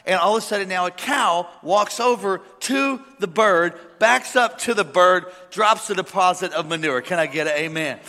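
A man preaching a sermon, telling a made-up parable and acting out the characters with lively energy. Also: high-pitched, normal speed, hardly any pauses. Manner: animated storytelling, acting out characters. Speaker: pastor. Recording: long hall reverb.

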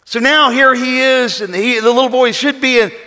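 A man preaching a sermon as pastor, swinging between quiet passages and shouted calls for praise. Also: extremely high pitch, moderate pace. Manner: preaching with shouted call-and-response bursts and acted quotes. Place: church sanctuary. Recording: reverberant hall with congregation.

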